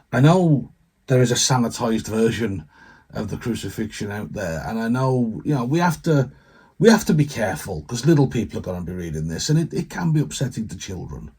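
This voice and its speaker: A vicar delivers a heartfelt sermon in a husky, slightly breathy voice. His tone is dark and mellow, and he speaks earnestly and conversationally, pausing where the emotion runs deep.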